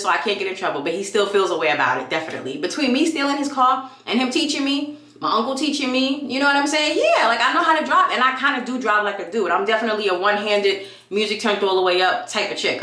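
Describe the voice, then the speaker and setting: Bright, chatty New woman vlogging. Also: mid-range voice, fast. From New York. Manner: chatty and animated, acts out what people said. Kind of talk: casual storytelling vlog. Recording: echoey room.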